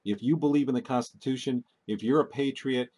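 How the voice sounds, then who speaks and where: A man's voice: medium pitch, a little fast, darkish tone, husky. A man hosting his own video commentary, talking urgently and warning his viewers, often breaking off and restarting words. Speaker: video host. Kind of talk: casual commentary.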